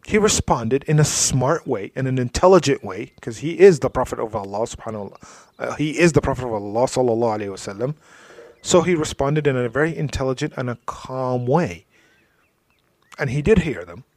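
Man, mid-pitched, giving a storytelling religious talk, dry close sound, drops into quiet asides. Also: animated, fairly quick, no room sound. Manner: storytelling, drops to soft asides, frequent "you know". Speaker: Islamic speaker.

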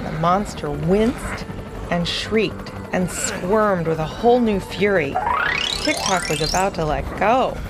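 Slow, gravelly woman telling a children's story. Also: medium pitch. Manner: playful, unhurried storytelling.

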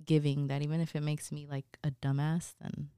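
A woman's voice: low voice, little pitch movement, fairly quick, mellow, clear, resonant tone, no echo, clean studio sound. A young adult woman, a podcast guest, talking hesitantly with many fillers in casual chat.

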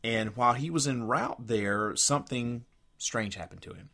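A man's voice: mid-range voice, moderate pace, creaky, bright, forceful tone. A man co-hosting a radio podcast in casual chat, rambling a bit and reading quotes aloud from his notes. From United States. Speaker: podcast co-host.

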